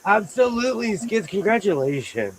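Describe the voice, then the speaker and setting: A middle-aged man chats casually as the host of a home live stream, his voice sitting a little high for a man. He talks in a playful, animated way and likes to say things twice to get his point across. A faint hiss runs under the sound. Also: normal speed, poor audio. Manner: playful, repeats phrases, animated storytelling. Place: home sewing room.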